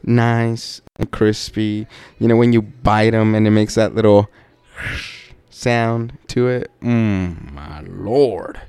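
A man hosts a podcast and tells a story in a loose, profane, laid-back way, slipping in laughing asides. His voice is smooth and clean, and his pace is unhurried. The sound is dry and close. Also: lowish voice, steady tone, mellow, no room sound. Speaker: podcast host. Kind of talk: casual storytelling.

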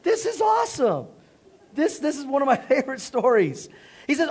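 A male pastor preaching a lively sermon in a church, joking and calling for responses from the congregation, then dropping to hushed solemn tones. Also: very high voice, moderate pace. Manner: animated, jokey, call-and-response, drops to hushed solemn tones.

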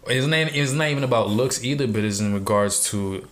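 A man's voice: medium pitch, fairly quick, a bit bright. A young man chatting casually, speaking frankly with slang and calling friends bro. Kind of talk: casual chat.

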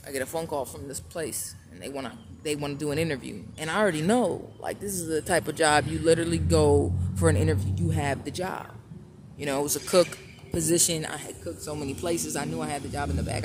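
Blunt, profane man telling a story. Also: a little high. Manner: blunt, profane, with frequent restarts and repeats. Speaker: vlogger. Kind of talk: casual personal storytelling. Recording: clear steady background noise.

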